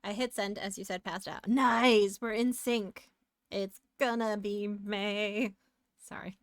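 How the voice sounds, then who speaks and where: A woman's voice: mid-range voice, fairly even intonation, slow, dry recording. An American woman streaming live, chatting casually and giggling while she works. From United States. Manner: chatty and giggly, hums and sings along.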